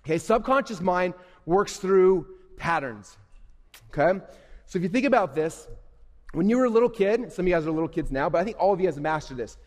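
A man giving an energetic, playful, emphatic live presentation to young people as a motivational speaker. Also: high voice, a little fast. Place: event hall. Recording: reverberant hall.

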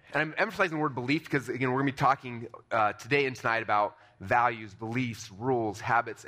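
A man giving a motivational seminar talk to a live audience, energetic and conversational, with many fillers and restarts. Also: medium pitch. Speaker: seminar speaker.

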